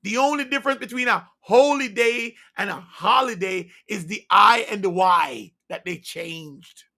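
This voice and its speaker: A man preaching a sermon with fervent insistence, firing rhetorical questions and swinging from loud emphasis to hushed near-whispers. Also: high voice, measured pace, gravelly.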